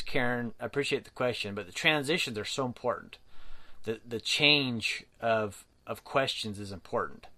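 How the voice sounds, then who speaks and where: Man, mid pitch, casual riding-clinic talk, folksy, rambling, lots of fillers. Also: sharp tone. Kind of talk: casual livestream talk to viewers.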